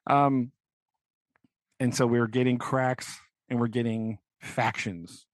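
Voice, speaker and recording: A man's voice: medium pitch, little pitch movement, slow, no room sound. Rambling young man recapping a book. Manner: rambling, filler-heavy, keeps asking "right?". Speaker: podcast co-host. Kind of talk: casual book discussion.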